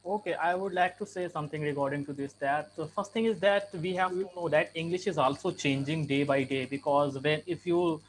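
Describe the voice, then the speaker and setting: A man's voice: on the high side, brisk, hardly any pauses, slight background noise. A young man in a casual group discussion, explaining points with spoken examples, repeating phrases and using many fillers. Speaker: participant in an English speaking practice group.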